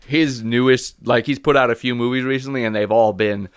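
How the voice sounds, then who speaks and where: A man co-hosting a comedy podcast in casual chat. He laughs often and riffs quickly. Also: medium pitch, steady tone, clear, resonant tone, dry recording, clean studio sound. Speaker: podcast co-host.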